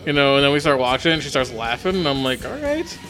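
A man's voice: medium pitch, fast, fairly bright tone, faint music behind. A man chatting casually as a podcast co-host, laid-back and profane, often chiming in with agreement. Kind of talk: casual chat.

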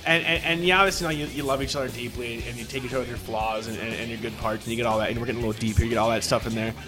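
A man's voice: mid-range voice, steady tone, rapid-fire, music in the background. A man in his forties, chatting casually as a podcast co-host, rambling and profane, with lots of restarts. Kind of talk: casual chat.

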